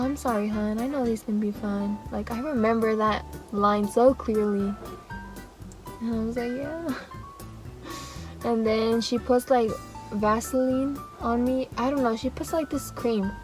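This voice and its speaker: A young woman tells a storytime in a rambling, animated way, acting out what everyone said. Her voice sits a little high, with soft music under it. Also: unhurried, rough recording. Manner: rambling and animated, with laughs and acted-out quotes. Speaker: vlogger. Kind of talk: casual storytime.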